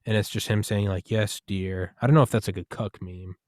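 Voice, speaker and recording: Low-voiced man riffing with shouted bits. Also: fast talker, no room sound, studio quality. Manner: riffing, rambling, bursts into loud shouted impressions. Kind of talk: casual comedic chat.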